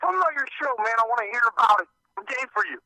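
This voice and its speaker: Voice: medium pitch, animated, rapid-fire, bright, forceful tone, a little hiss or hum, poor audio. A performer voicing a pushy, slangy dude caller in a prank voicemail. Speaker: answering machine caller.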